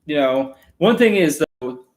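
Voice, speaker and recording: A man's voice: fairly high pitch, expressive, unhurried, rough recording. Young man, podcast co-host, blunt, wry, dismissive, casual chat.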